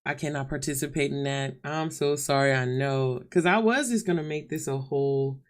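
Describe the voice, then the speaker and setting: A woman's voice: extremely low pitch, normal speed. A woman vlogging live to camera, chatting openly and casually with her viewers and calling them y'all and honey. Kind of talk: candid live-stream chat to viewers. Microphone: camera mic.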